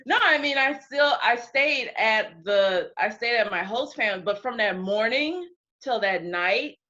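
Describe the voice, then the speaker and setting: A lively woman from the United States recounts stories in a casual interview, her bright voice leaping across a wide range. She laughs, swears freely and acts out quotes. The recording is dull and lo-fi. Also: a little high, measured pace. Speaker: interview guest.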